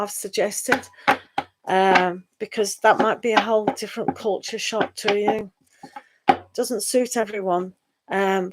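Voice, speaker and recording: With a faint hiss or hum in the audio, a middle-aged tarot reader from England speaks in a medium-pitched voice and a British accent. Chatting casually to her live-stream viewers, she sighs and laughs often, drawing her words out slowly.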